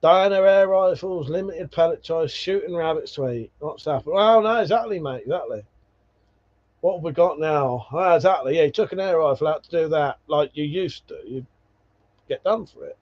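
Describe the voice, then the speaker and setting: On a casual livestream, a male host reads viewer comments and chats, telling meandering stories loaded with profanity and laughter. He speaks at a normal speed with a fairly high pitch, and the stream audio is dull and lo-fi.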